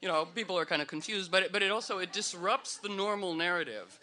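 A man's voice: high-pitched, lively intonation, quick pace, sharp tone. A man speaking to a live audience in a meandering, playful way, full of fillers and restarts. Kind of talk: rambling, humorous talk to an audience.

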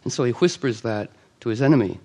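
A man telling an old legend to a live audience in a lively, conversational way, with quick asides and quoted character lines. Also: medium pitch. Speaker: storyteller. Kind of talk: oral storytelling to a live audience.

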